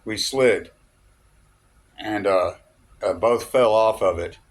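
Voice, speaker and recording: A man's voice: on the low side, slow. Chuckling man rambling through a story. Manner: chuckling, loose and digressive, peppered with "okay?" and "uh".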